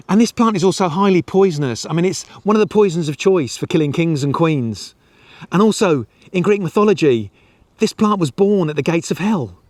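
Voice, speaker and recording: A man's voice: mid-range voice, a little mellow, no room sound. A man talking to camera in a reflective personal vlog, musing and self-questioning, with frequent fillers. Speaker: YouTuber.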